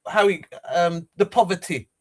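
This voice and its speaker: Streamer: man, high voice, rambling and emotional, repeats himself a lot. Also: normal speed. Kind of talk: casual rambling monologue.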